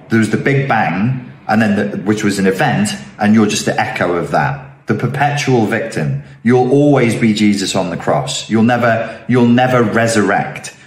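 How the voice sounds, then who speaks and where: A man's voice: on the low side, roomy sound. A man giving an emphatic self-help monologue, acting out other people's voices as he goes. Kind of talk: motivational monologue.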